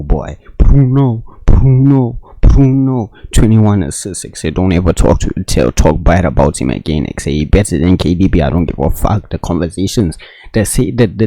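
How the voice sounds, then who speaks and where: A man with a South African accent reacting to a video on stream, casual, profane and excitable, talking back at the screen. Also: low voice, vocal fry, dry recording.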